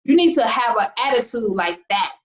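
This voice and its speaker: A woman's voice: a little high, animated, a little fast, dull audio. Fired-up woman coaching her team. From United States. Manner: emphatic, fired-up, rhetorical questions, laughs in disbelief. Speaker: team leader and business coach. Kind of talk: motivational talk to an online group.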